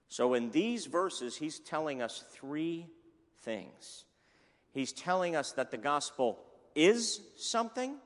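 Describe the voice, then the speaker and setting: A man preaching an energetic sermon as pastor, animated and humorous. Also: a little high. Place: church sanctuary. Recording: echoey church hall.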